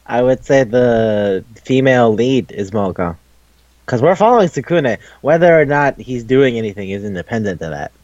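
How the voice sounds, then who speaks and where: A man co-hosting a casual chat show, talking quickly, swearing and acting out characters in high squeaky voices. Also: expressive, darkish tone, muffled recording. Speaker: podcast co-host.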